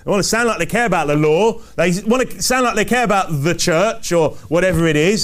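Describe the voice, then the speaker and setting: High-voiced man preaching emphatically. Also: brisk, hardly any pauses, a little hiss or hum. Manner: emphatic, repetitive preaching cadence with rhetorical questions. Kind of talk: sermon.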